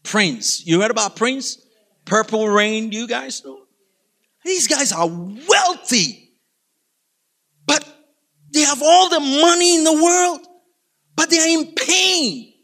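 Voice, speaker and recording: High-voiced animated male preacher. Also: takes it slowly, pauses often. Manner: animated, acts out scenes with sudden shouts. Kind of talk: storytelling sermon.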